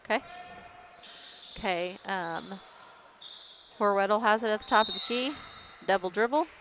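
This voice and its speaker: A woman calling a school basketball game as a local announcer, casual and hesitant, with frequent pauses and fillers. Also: mid-range voice, a bit bright, lo-fi sound, slight background noise. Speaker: play-by-play announcer. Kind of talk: local sports commentary.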